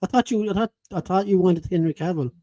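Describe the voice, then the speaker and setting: A man's voice: high voice, fast, dark tone, dry recording. A man co-hosting a podcast, teasing and blunt in casual chat and reading out listener comments. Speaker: podcast co-host.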